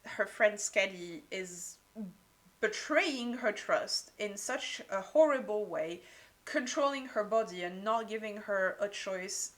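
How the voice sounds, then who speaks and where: A woman's voice: medium pitch, animated, slow pace. A woman giving a casual book review, gushing and peppering her talk with "like".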